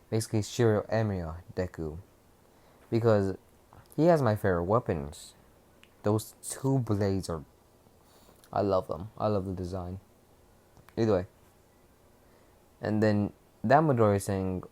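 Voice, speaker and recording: Low, mellow young man rambling a story. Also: fairly even intonation. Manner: rambling, rushed, with restarts and swearing. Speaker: fan storyteller. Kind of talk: casual fan-fiction retelling.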